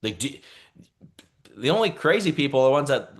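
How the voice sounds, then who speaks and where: Male team leader on a video call, animated delivery with a lot of pitch movement, punchy repeated lines. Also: brisk. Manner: energetic, repeats phrases, calls for responses. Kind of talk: motivational talk on a video call.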